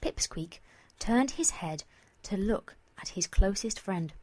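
A woman reading a story aloud as narrator, slow and expressive, at times dropping to a whisper. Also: mid-range voice, slight background noise.

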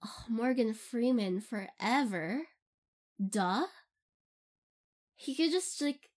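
In a relaxed Q&A, a young woman who makes audio role-plays responds to fan questions at a slightly slow pace in a medium-pitched voice. She wanders off topic, giggles a lot, and leans on fillers.

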